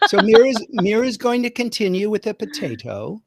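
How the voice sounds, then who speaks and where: A man in a comedy sketch, encouraging a group through a rehearsal and clearing his throat often. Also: sits high, sing-song, normal speed, no room sound, clean studio sound. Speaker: rehearsal leader.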